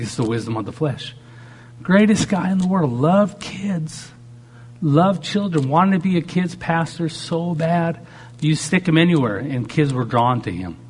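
Male pastor, sermon delivery, husky tone, dramatic swings, acts out quoted voices. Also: fairly high pitch. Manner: preaches with dramatic shifts, acting out quoted voices.

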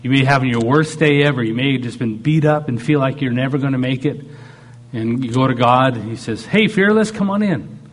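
A man's voice: mid-range voice, steady tone, fairly quick. A man preaching a sermon. He talks animatedly and acts out God speaking in short quoted lines. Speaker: pastor.

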